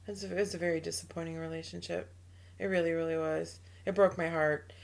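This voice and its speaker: A woman with a slightly low voice co-hosts a casual advice podcast. She talks emphatically, trails off often, and acts out quotes in her stories. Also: flat delivery, fairly quick, vocal fry. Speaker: podcast co-host.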